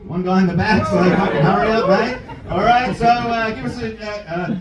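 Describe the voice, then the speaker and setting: A man doing a stand-up set with crowd work, loud and silly, chatting with the audience. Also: high voice, fairly even intonation, normal speed, recorded from a distance. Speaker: stand-up comedian. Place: comedy club stage. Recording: roomy club sound, mic heard from afar, loud crowd. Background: laughing club audience.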